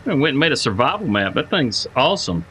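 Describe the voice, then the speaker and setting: A man's voice: mid-range voice, sing-song, fast, sharp tone, slight background noise, poor audio. A man streaming a farming game live, chatting casually with viewers, greeting them by name and thinking aloud with lots of repeated words. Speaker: livestreamer playing a farming game.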